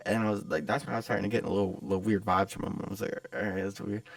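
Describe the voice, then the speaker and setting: A man's voice: fairly low pitch, fairly even intonation, rapid-fire, vocal fry, no echo. A man hosting his own podcast, telling a story in a rambling, profane, casual way. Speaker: podcast host.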